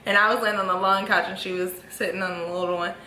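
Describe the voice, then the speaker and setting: A woman's voice: fast talker, a little hiss or hum. A young woman in her twenties telling a story casually as a vlogger, acting out quotes with big jumps in her voice. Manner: animated, acts out quotes with big pitch jumps. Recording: echoey room with faint ambience.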